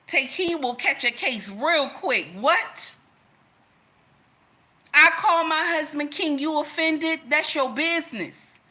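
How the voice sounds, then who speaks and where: A woman commentator speaks straight to her audience in an impassioned rant, scolding and repeating herself for emphasis. Her high voice is bright and forceful, with lively intonation, a slightly slow pace, and few pauses.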